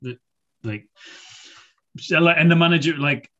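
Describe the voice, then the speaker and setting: A man's voice: fairly high pitch, measured pace, a bit bright, muffled recording. A man from England chatting about football on a podcast, rambling with lots of fillers and casual swearing.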